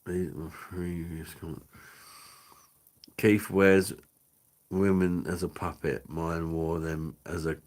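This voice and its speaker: This is a man with a deep, low voice, hosting a live stream. He reads out viewer comments in loose, crude banter full of swearing and laughter. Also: little pitch movement, slow, pauses often, darkish tone. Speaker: livestream host.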